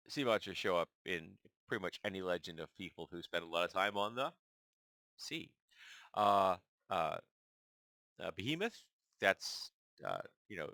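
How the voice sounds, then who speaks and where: A man with a low, forceful voice reads through a list and muses on each entry. He speaks in a casual, halting way and stumbles over names he does not know. The sound is dry and close, with no room echo. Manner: thinks aloud, halting over unfamiliar names. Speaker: channel host. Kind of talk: casual musing while reading a list aloud.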